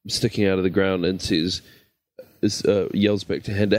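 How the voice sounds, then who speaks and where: A man's voice: sits low, flat delivery, moderate pace, dry recording, studio quality. A man playing a tabletop game, hesitantly describing what his character does in the third person. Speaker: player. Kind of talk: tabletop role-play narration of his character.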